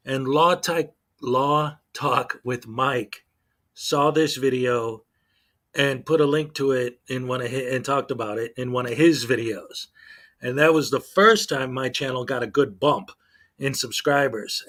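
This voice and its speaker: A man talks loosely to his channel's viewers, looping back on himself with frequent fillers. His voice sits in an ordinary middle pitch, relaxed and conversational. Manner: rambling, many fillers and restarts. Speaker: YouTube channel host. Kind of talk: casual livestream chat.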